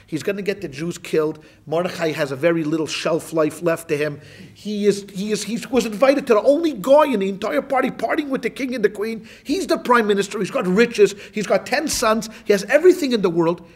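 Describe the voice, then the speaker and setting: A man, a rabbi, teaching a class in a lively, joking storytelling lecture, talking straight to his listeners. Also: high voice, slightly rough.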